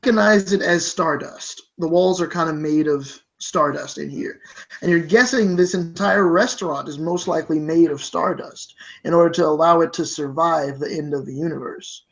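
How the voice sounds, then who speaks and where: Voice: medium pitch, moderate pace, vocal fry, rough recording. A game master narrating a tabletop game, with rambling, self-correcting descriptions and many fillers.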